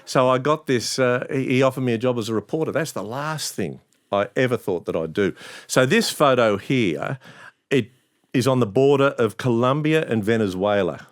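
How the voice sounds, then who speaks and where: Australian man telling lively stories. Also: mid-range voice, normal speed, no room sound, studio quality. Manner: animated anecdotes, acts out quoted voices. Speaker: news presenter, guest. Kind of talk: storytelling in a podcast interview.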